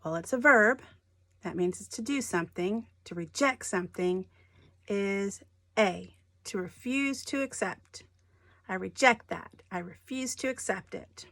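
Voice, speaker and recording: A woman teacher explaining word stress in a slow, deliberate way, stressing each syllable. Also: mid-range voice, pushed and bright, dry recording. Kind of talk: recorded lesson on homographs.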